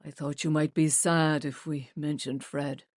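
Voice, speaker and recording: A gentle middle-aged man, as a woman narrator puts him on, speaking softly in a lowered voice. He sounds considerate and calm in this romance audiobook, recorded close and dry. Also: unhurried, no room sound. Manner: soft, lowered voice.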